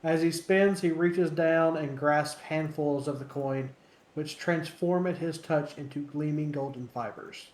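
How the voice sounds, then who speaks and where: A man running a tabletop game as game master, narrating haltingly with many fillers. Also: on the high side, fairly even intonation, a little mellow. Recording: roomy echo.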